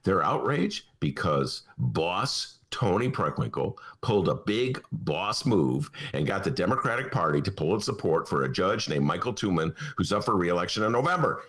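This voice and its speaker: A man's voice: deep voice, sing-song, normal speed, few pauses, a bit bright. Theatrical mock-outraged Chicago man. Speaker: podcast host. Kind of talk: comic political rant. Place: home studio.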